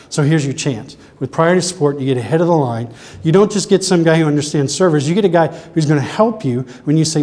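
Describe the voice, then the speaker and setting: A man with a Southern US accent talks to a room of customers in a loose, chatty way, throwing in quick asides. His voice sits a little higher than most men's. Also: darkish tone. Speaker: presenter. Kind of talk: conference talk.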